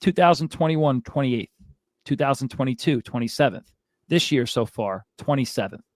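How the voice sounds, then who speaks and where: On a fantasy football show, this male host rants heatedly at his co-host, fired up and exasperated, tossing in frequent asides. His mid-range voice is expressive and moves at a normal speed, captured in a dry recording.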